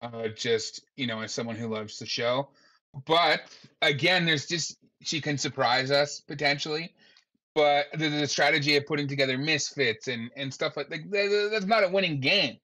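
A man talking bluntly on a casual panel, halting and stumbling over his words, under the weather with a flu. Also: a little high, pushed and bright. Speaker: panel guest.

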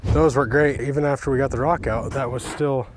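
A man talks casually while digging outdoors on hard ground. He is energetic, exclaims often, and breathes hard from the work. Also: medium pitch, fairly quick, noisy background. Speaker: fence installer testing tools. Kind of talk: casual product test while working.

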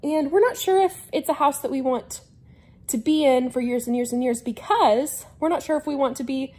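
A woman's voice: high-pitched, moderate pace, warm tone. A young adult woman chatting casually to camera from her couch at home, rambling and a little scattered as she shares house updates. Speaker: vlogger. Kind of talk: casual vlog chat. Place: home living room couch.

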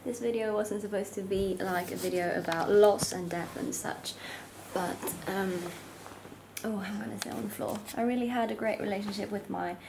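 Young woman, vlogger, gravelly, mid pitch, casual chat at home, self-filmed, slips into near whisper. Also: steady tone, normal speed, noisy background. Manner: chatty, often dropping to a near whisper. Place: her home. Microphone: camera held by herself.

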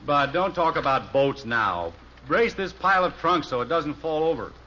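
A good-humored 1950s radio dad. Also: male voice, a little high, animated, moderate pace. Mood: easygoing. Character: cheerful patient suburban father, grown man. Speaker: father in a radio sitcom. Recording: dull old radio recording with loud hiss.

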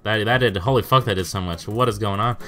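A man's voice: on the low side, quick pace, bright, forceful tone, soft background music. A young man giving casual, profanity-laced commentary as he plays an online game, stammering and exclaiming in disbelief. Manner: swears often, stammers in bursts, exclaims in disbelief. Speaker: gaming YouTuber. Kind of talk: casual live commentary over gameplay.

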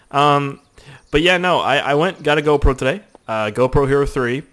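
Profane excitable young gamer guy. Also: a little high, moderate pace. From Canada. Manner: rambling, profane, excitable outbursts. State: sore throat. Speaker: gaming YouTuber. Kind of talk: casual let's-play commentary.

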